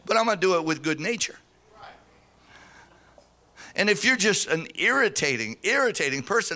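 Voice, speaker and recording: Bright-voiced preaching pastor, sing-song. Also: male voice, high voice, expressive, a little fast, pauses often. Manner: fervent, sing-song preaching with call-and-response. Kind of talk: sermon.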